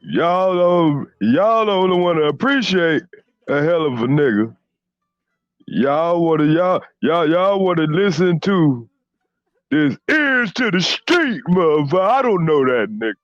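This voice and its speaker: A brash, arrogant washed-up basketball star, as a man puts him on, bragging and cursing in a high, swooping voice that stumbles over its own restarts. The audio is dry, dull and lo-fi, with faint music underneath. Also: very animated, a little slow, no room sound. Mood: boastful ranting. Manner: profane bragging, stammered restarts. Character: boastful drunk male ex-basketball star, arrogant. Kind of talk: comedic impression rant.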